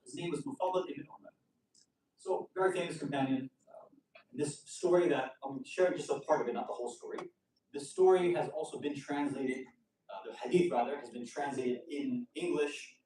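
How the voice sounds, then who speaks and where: Man, preacher, casual storytelling sermon, higher voice, heavy hall echo, distant mic. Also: moderate pace, background noise. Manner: conversational, animated storytelling with casual asides. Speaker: preacher giving a majlis lecture.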